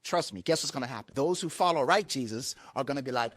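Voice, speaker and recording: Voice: medium pitch, sing-song, fast talker, few pauses, no room sound. A pastor preaching a sermon with passion, repeating words and restarting lines, and acting out other people's words in quoted voices.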